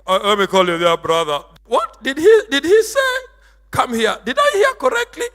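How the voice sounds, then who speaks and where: A man preaching in a church hall, with a very high, sharp and bright voice. He is emphatic and theatrical, swinging between shouts and a sing-song lilt. A long hall reverb trails behind his words. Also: big pitch swings, moderate pace. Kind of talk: sermon.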